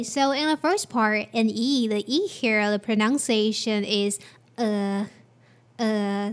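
Slow, careful woman teaching pronunciation. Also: a little high. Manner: spells out letters and repeats words slowly and clearly.

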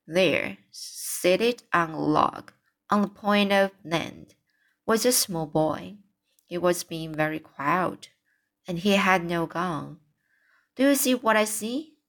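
A woman reading a children's book aloud, slowly and carefully, stopping to repeat sentences she stumbles on. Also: fairly low pitch, a bit bright. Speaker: reader.

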